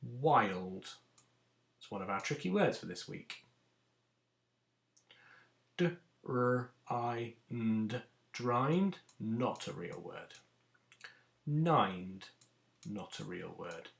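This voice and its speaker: In an echoey room, a man who teaches primary school records a phonics lesson for young children, patiently sounding out letters and words. He speaks slowly and animatedly in a low voice with vocal fry, pausing often.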